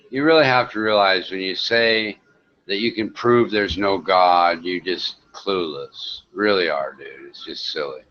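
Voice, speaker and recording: Brief: low-voiced man moderating a voice chat room, blunt and profane, muffled lo-fi audio. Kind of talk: casual online voice chat.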